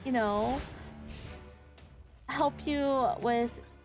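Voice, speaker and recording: Faint music sits behind a woman's high-pitched voice as she talks extremely slowly while live-streaming a card game. She banters with viewers in a playful, sarcastic way and laughs often.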